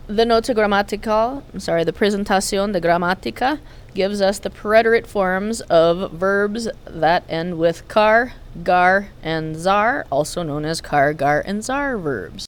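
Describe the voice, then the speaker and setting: A woman Spanish teacher, narrating a recorded vocabulary lesson and drilling each verb form slowly and carefully. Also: mid-range voice, clear, resonant tone.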